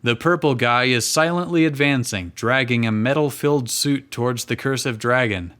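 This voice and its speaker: A man reading fan fiction aloud with dry, deadpan comic timing as co-host of a live show. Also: medium pitch, moderate pace, smooth. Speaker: reader and co-host.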